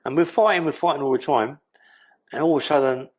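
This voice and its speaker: A man's voice: a little high, quick pace. An older man with a London accent telling his life story in an interview, blunt and streetwise, swearing freely. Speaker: guest.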